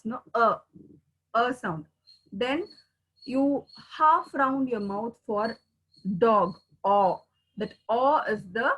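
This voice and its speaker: A woman's voice: a little high, a bit bright, breathy edge, rough recording. A woman, a teacher giving a recorded pronunciation lesson and repeating words to drill the sounds. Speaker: English teacher.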